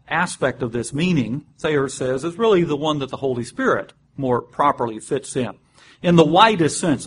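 A man's voice: medium pitch, fairly bright tone, a little hiss or hum. Man teaching a Bible study, easygoing. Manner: unhurried, explains step by step, spells out words, with frequent "uh" and restarts.

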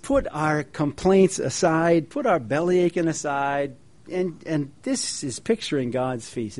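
High-voiced folksy preacher, man. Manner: folksy storytelling, animated quoted voices. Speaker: pastor and feast coordinator. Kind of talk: sermon with anecdotes.

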